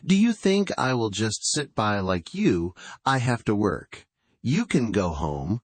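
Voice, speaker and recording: A man's voice: on the low side, very animated, unhurried, no room sound. A man voicing a scolding, exasperated father who works in the forest, in a storybook reading. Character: scolding older father, woodcutter, quick-tempered.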